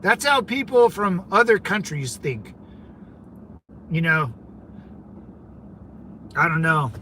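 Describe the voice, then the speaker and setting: A man's voice: high voice, big pitch swings, slow, bright, forceful tone, a little hiss or hum. A man from California hosting a casual livestream, rambling conversationally and talking back to his viewers, with lots of "man" and "dude". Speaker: livestream host.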